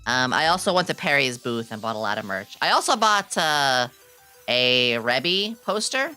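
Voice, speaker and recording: A young adult woman streaming a casual chat, excitable and giggly, swearing freely and reading her chat aloud. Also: rumbling low, moderate pace, smooth, soft background music. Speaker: VTuber streamer.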